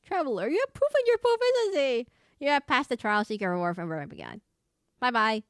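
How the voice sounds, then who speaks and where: A woman's voice: high-pitched, very animated, moderate pace, a bit bright, slight background noise, pitched above the performer's own voice. A woman voicing a mischievous rabbit that sets trials in a game, reading its lines in a lofty, formal, nasal way. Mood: solemn.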